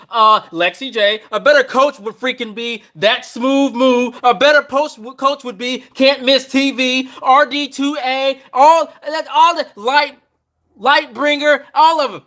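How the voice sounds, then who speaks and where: A man's voice: extremely high pitch, moderate pace, bright, forceful tone. A man hosting a live podcast stream, ranting about his team's coach in a rambling, exasperated way, repeating himself and trailing off. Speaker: podcast host.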